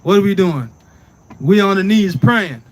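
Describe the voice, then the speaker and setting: A man's voice: high-pitched, expressive, unhurried. A man teaching scripture in a casual preaching way, often asking "right?" and "you understand?" and telling the reader to read on. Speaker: Bible teacher.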